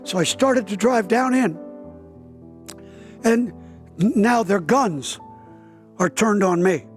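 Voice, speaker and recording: Taking it slowly in a high voice, a pastor in his seventies recounts a dramatic story during an interview, with soft music in the background. He's a vivid storyteller who raises his voice to perform the quoted dialogue.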